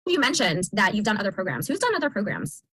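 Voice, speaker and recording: A woman's voice: medium pitch, big pitch swings, fast talker, breathy edge, dry recording. A woman coach hosting a group video call, asking members questions and affirming their answers. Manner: warm affirming interviewer, frequent agreement.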